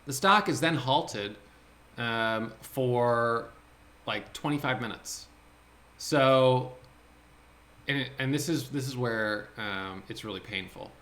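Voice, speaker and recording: A man with a bright, forceful voice talks through his day trades in a casual screen-share recap. He thinks out loud with excitement and often restarts his sentences as he goes. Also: mid-range voice, takes it slowly.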